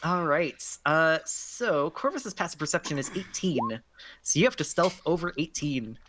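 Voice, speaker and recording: A woman's voice: low-pitched, lively intonation, a bit bright, slight background noise. Woman running a tabletop game. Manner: casual, with many fillers and quick laughs. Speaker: game master.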